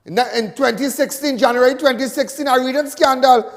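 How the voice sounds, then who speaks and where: A Trinidadian man hosts a show with a heated political monologue. His voice sits unusually high, and he mocks and repeats phrases to drive each point home. A long reverb trails his words. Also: brisk. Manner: fiery, mocking, repeats lines for emphasis. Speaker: host.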